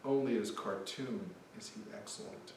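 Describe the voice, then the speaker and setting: A man's voice: mid-range voice, sing-song, normal speed, a little mellow, recorded from a distance, slight background noise. A man reading a poem in the voice of a blunt, exasperated Australian man scolding Americans, in a mocking, emphatic way. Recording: echoey hall, mic from afar.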